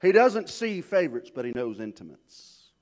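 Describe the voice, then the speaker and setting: A man preaching a sermon, swinging from hushed asides to shouted peaks. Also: fairly high pitch, big pitch swings, normal speed. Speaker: pastor.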